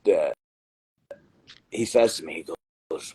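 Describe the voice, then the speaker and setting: New Jersey guy, husky, dry close sound, storytelling guest. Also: deep voice, a little slow, dry recording, low-quality recording. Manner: animated, repeats phrases for emphasis. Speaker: lottery winner guest. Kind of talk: casual interview storytelling.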